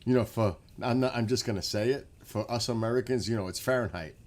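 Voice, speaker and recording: A man with a New York accent hosting a casual late-night livestream outdoors in front of his house, chatting with viewers in a relaxed, rambling way. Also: medium pitch, fast. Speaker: livestream host.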